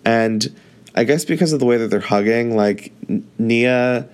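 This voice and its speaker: Man, casual show recap, chatty and rambling, mid-pitched. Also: measured pace, darkish tone, smooth. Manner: chatty, heavy use of "like".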